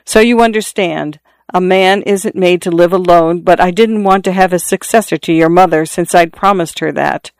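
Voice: medium pitch, normal speed, clear, resonant tone, no room sound, natural voice. A narrator voicing a wounded middle-aged father who confides to his son in an insistent, repetitive way, short of breath. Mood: confiding. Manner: confiding, insistent, repeating himself. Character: dying middle-aged farmer father, earnest.

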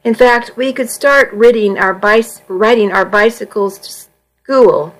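A woman's voice: mid-range voice, unhurried, natural voice, low-quality recording. A woman voicing an insecure but determined teenage girl who speaks earnestly and sometimes impatiently.

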